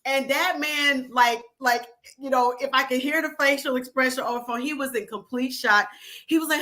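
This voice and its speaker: A woman guest telling frank, animated stories in casual chat, quick to laugh. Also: high voice. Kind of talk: casual storytelling.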